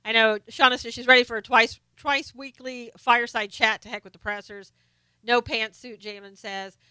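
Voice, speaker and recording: A woman hosting a casual live stream, reading viewer comments aloud in a chatty, halting way full of fillers and restarts; she is losing her voice. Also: fairly high pitch, fairly even intonation, sharp tone, clear, resonant tone, no room sound.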